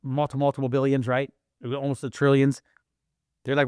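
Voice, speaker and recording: A man co-hosting a podcast in casual chat, hyped and emphatic, sometimes bursting into shouting. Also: medium pitch, completely flat delivery, normal speed, smooth, no room sound, clean studio sound. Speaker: podcast co-host.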